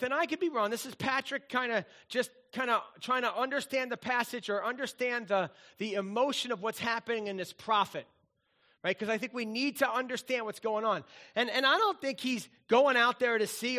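Bright-voiced animated preacher man. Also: very high-pitched. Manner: animated, conversational, acts out voices. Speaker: pastor. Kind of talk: sermon.

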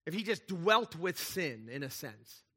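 A man preaching a sermon as pastor, conversational and animated, with playful asides and frequent check-ins with the congregation. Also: fairly high pitch, a little slow, husky.

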